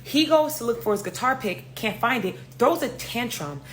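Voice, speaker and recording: Animated New woman telling a story. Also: a little high, moderate pace, slight background noise. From New York. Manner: animated, profane, talks straight to viewers. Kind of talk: casual storytime.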